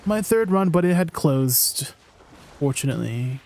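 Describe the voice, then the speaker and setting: A man's voice: on the high side, lively intonation, unhurried, darkish tone. A man livestreaming a game, chatting casually in a rambling way with lots of fillers and laughing at himself. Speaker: streamer.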